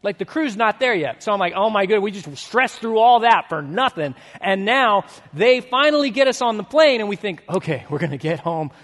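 Male pastor, 30s, high-pitched, storytelling sermon, swings between animated and hushed, big reverberant hall. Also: normal speed, few pauses.

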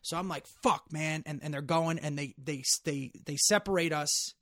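A middle-aged man telling a story in casual chat, animated and profane, getting loud when worked up. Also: a little high, normal speed, no room sound, clean studio sound.

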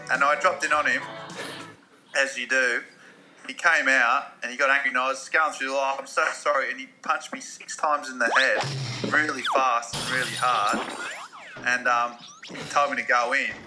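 A man co-hosting a podcast with laid-back, jokey banter. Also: medium pitch. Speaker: podcast co-host. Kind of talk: casual podcast chat.

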